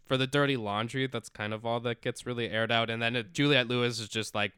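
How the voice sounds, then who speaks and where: A man's voice: mid-range voice, fairly even intonation, a little fast, hardly any pauses, sharp tone, clear, resonant tone, dry recording. A man chatting casually as a podcast co-host, rambling through a film's plot with lots of fillers and acted-out quotes. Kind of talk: casual chat recapping a film.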